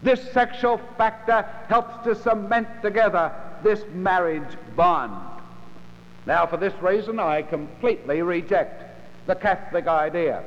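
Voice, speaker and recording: A man preaching a sermon in a measured, emphatic way, with dramatic pauses between phrases. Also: high-pitched. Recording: lo-fi recording in a large reverberant hall.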